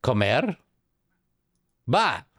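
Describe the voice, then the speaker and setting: A man's voice: medium pitch, sing-song, extremely slow, a bit bright, no echo, studio quality. A young man streaming live, chatting casually with a jokey, slangy banter style. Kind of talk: casual stream chat reacting to chat.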